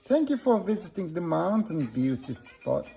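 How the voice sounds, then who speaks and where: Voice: mid-range voice, big pitch swings, moderate pace, creaky, dark tone, faint music behind, pitched above the performer's own voice. A reader doing a friendly rabbit shopkeeper. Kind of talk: storybook reading.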